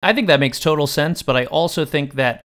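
A man co-hosting a casual book podcast, reading passages aloud with lively emphasis and then adding enthusiastic, jokey commentary. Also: fairly high pitch, brisk. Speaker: podcast co-host.

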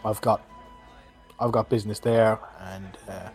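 Halting, heartfelt farewell from a warrior woman in a tabletop fantasy game, spoken by a man, fairly low voice, faint music underneath. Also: steady tone, gravelly. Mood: grateful.

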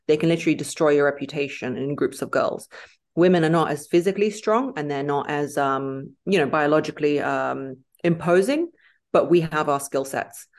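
A woman, a podcast guest in casual interview chat, talking emphatically and acting out quoted lines in lively voices. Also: deep voice.

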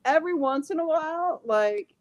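A woman from Los Angeles, a guest in a casual chat, talking in a lively, chatty way and laughing often. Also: high-pitched, moderate pace, no room sound, dull audio. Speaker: podcast guest, artist.

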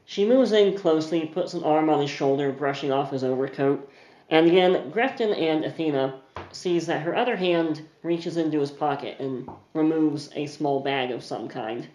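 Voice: medium pitch, normal speed, a little mellow, muffled recording. Game master narrating in an echoey room. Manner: descriptive, uses filler words.

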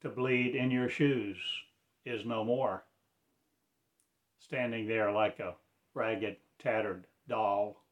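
Slow, incantatory man's spoken-word voice. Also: lowish voice, fairly even intonation, lo-fi sound. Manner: fragmented, incantatory, preacher-like phrasing.

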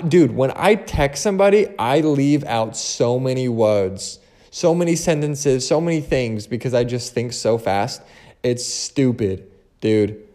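Young male podcast host, slight lisp, rambling casual delivery, mid-pitched. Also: a little mellow. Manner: rambling, restarts often, casual swearing. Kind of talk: casual solo chat.

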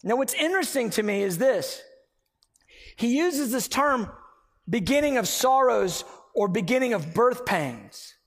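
A man preaching a sermon, emphatic and animated as he tells a personal story. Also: extremely high pitch, measured pace. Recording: long hall reverb.

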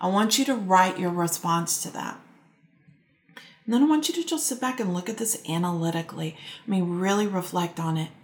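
A woman life coach gently guiding listeners through self-reflection, talking calmly with slow pauses. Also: on the low side, roomy sound. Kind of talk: guided self-help talk to listeners.

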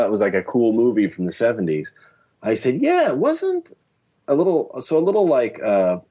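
A low-voiced man chatting as a podcast guest. He tells stories animatedly, piling up fillers and restarts as he goes. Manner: animated storytelling, lots of fillers. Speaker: guest journalist. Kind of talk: casual podcast interview.

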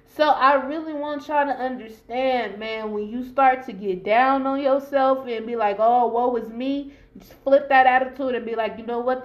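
A woman podcaster with talks straight to her listeners in a casual motivational monologue. Her voice sits a little higher than most women's, and she repeats herself for emphasis. She speaks in slangy, profane bursts. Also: echoey room, highs cut off. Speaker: podcast host.

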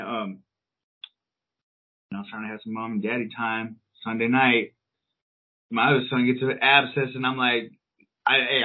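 Rambling, cussing dad with a husky voice. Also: male voice, mid-range voice. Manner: rambling, profane, lots of fillers. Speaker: podcast co-host. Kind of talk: casual storytelling chat. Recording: tinny, phone-like sound.

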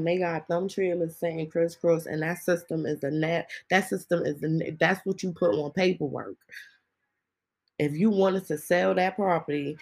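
A woman's voice: sits low, vocal fry, low-quality recording. A woman hosting a podcast, ranting in a casual, heated and indignant way with lots of rhetorical questions. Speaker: podcast host.

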